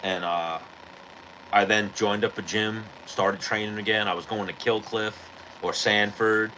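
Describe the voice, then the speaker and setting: Forceful low-voiced man telling a fight story. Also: a little slow, a little hiss or hum, rough recording. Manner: profane, animated retelling of a street fight. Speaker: podcast host. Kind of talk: casual storytelling.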